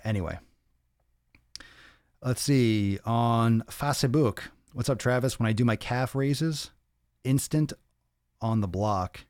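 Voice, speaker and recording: Blunt, low-voiced podcast host. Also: male voice, darkish tone, clear, resonant tone, dry recording, clean studio sound. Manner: blunt, profane, joking, reads out chat comments. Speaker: podcast host answering viewer questions. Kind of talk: casual live-stream Q&A.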